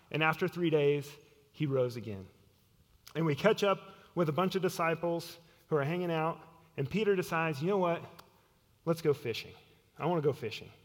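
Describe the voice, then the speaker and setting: A man preaches in a slightly high voice that sounds earnest. He often sinks to a near hush to stress a point. His words ring out with a long reverb in a large church hall. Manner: earnest, drops to hushed tones for emphasis. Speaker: pastor. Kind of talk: sermon.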